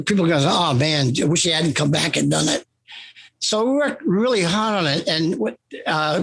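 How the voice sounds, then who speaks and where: A man's voice: on the high side, fairly bright tone, breathy edge. An older man, a comic writer, telling a long story in an interview and acting out both sides of an old phone call.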